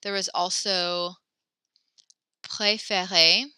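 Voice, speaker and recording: A woman teaching a French class over a video call, patient and encouraging, reading sentences slowly and praising her students. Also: fairly low pitch, steady tone, sharp tone, smooth, no room sound.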